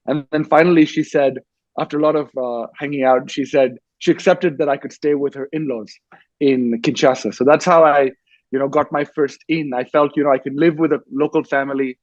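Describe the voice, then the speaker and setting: A man's voice: on the high side, fairly even intonation, brisk, no echo, dull audio. A man who grew up in Dubai, an author and war correspondent, telling his story on a festival panel with frequent restarts. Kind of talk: panel discussion.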